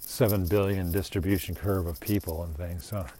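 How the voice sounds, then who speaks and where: A man's voice: low-pitched, steady tone, normal speed, warm tone, a little hiss or hum. A man hosting his own podcast, talking in a rambling, reflective, self-deprecating monologue. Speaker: podcast host.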